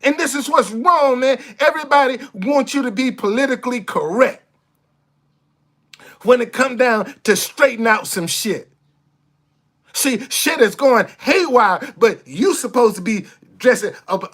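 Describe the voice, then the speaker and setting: A man venting straight into his camera in a blunt, foul-mouthed rant. He hammers the same phrases again and again and trips over quick restarts when heated. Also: extremely high pitch, expressive, a bit bright. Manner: blunt, profane, repeats himself for emphasis; stammers and restarts when fired up. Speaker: vlogger. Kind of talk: impassioned monologue to camera.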